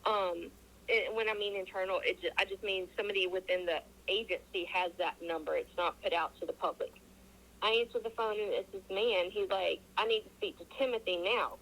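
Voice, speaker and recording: A woman's voice: medium pitch, a little fast, poor audio. Woman telling a story over a call. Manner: animated, acts out quoted dialogue, frequent restarts. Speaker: interview guest. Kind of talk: casual storytelling.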